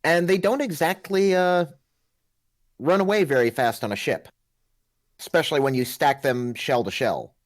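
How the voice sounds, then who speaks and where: A man co-hosting a casual podcast, telling a story in an animated way. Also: a little high, moderate pace. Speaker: podcast co-host. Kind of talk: casual chat.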